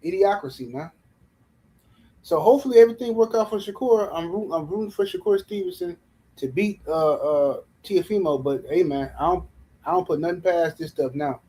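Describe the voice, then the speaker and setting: A man ranting in casual livestream commentary about boxing, animated and mocking, with slangy, speech. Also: high-pitched, moderate pace, rough recording. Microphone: livestream mic.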